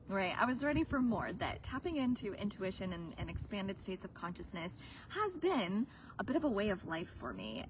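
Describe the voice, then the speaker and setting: A woman's voice: fairly low pitch, noisy background. Earnest woman telling a heartfelt story. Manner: earnest and emotional, at times dropping to a whisper. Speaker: business coach. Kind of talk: personal storytelling on a livestream.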